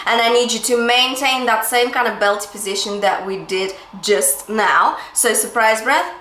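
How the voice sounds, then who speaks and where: A woman's voice: moderate pace, a bit bright, reverberant, a little hiss or hum. A woman vocal coach giving a singing lesson, encouraging and checking in with "yeah?" and "okay?", breaking off to demonstrate sung phrases. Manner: demonstrates sung phrases and light falsetto between explanations.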